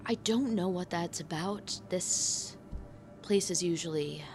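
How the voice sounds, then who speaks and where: A woman's voice: lowish voice, slow pace, over music. A woman voicing a male priest who speaks earnestly and stammers when flustered. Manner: stammering, reassuring.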